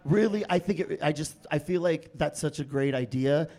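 Guy judging a comedy set, kinda high voice, teasing and playful. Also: mellow. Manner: playful, teasing, fast asides. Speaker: comedy judge. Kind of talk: lively critique of a comedian.

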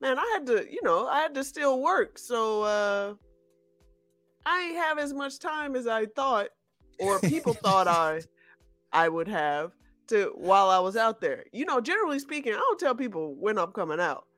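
Woman from Chicago, podcast co-host, lively swooping pitch, emphatic slangy talk, dry close sound, faint music underneath. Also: moderate pace, no echo. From Chicago area. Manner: animated, slangy, emphatic storytelling. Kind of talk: casual podcast chat.

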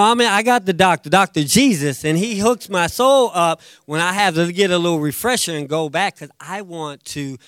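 Male pastor, high voice, dry close sound, lively sermon delivery with acted-out quotes. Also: smooth, no room sound. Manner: animated, acts out quotes, jumps loud and soft.

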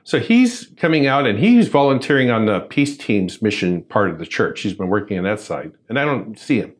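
A man from a church ministry telling a personal story in conversation, acting out what people said. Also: normal speed. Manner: animated, acts out quoted voices with big pitch jumps.

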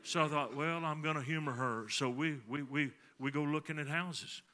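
Preaching at normal speed in a fairly high-pitched voice, a middle-aged pastor shares a folksy story from his own life. His sermon alternates between hushed, confiding stretches and forceful emphasis.

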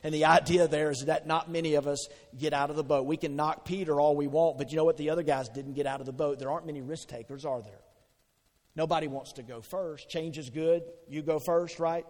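Male pastor, slightly high voice, animated call-and-response sermon, echoing sanctuary. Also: fairly quick. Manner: animated, conversational preaching with call-and-response questions. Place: church sanctuary. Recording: long hall reverb.

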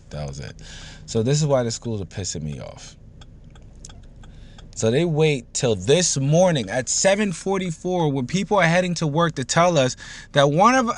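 A man in his thirties venting and rambling in a casual vlog from his car, swearing often and getting heated. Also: fairly high pitch. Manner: profane, rambling, heated ranting. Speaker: vlogger.

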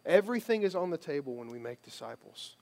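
A man's voice: a little high, very animated, fast, gravelly, darkish tone. A man giving a sermon as a pastor, conversational and emphatic, repeating phrases for stress.

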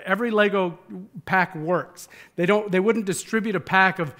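High-voiced man preaching a conversational sermon. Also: normal speed, a bit bright. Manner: earnest, emphatic, with frequent repeated words. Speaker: pastor.

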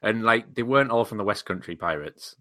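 Man, casual podcast chat, lowish voice, bright edge, dry close-mic sound. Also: animated, a little fast, no room sound. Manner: dry, teasing, rambling with many ums. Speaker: podcast co-host.

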